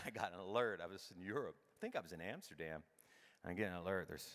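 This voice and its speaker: A middle-aged man giving a comedic keynote talk, animated and irreverent, acting out his own thoughts as he tells the story. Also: fairly low pitch, fairly quick. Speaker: keynote speaker. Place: large conference hall. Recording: long hall reverb.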